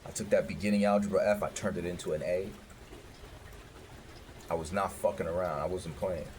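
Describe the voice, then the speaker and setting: Deep-voiced man telling his story, profane. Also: fairly quick, noisy background. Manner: profane, candid, animated retelling. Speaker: former doctor telling his life story. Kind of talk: casual storytelling.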